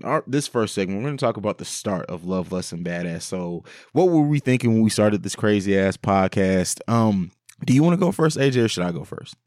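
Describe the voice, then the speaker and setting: A man's voice: lowish voice, expressive, brisk, darkish tone, no room sound, clean studio sound. A man hosting a podcast, recounting how the show began in an earnest, casual way. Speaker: podcast host.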